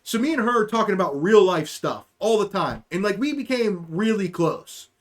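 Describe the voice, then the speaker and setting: A man's voice: high-pitched, big pitch swings, normal speed. A man hosting a podcast, telling a rambling, profane, jokey story in a casual monologue. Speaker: podcast host.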